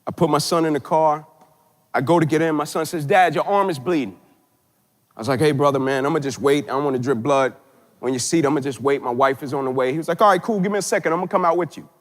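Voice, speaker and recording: A man, a motivational keynote speaker, tells a dramatic story, swinging from loud emphatic peaks to hushed low tones. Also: fast talker, big-room sound.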